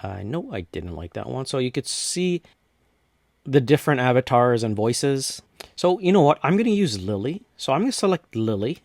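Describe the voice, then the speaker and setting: A man from North America casually walking through a software tutorial step by step, with frequent restarts. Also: mid-range voice, very animated, moderate pace, no room sound. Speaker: tutorial host. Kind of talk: screen-recorded software tutorial.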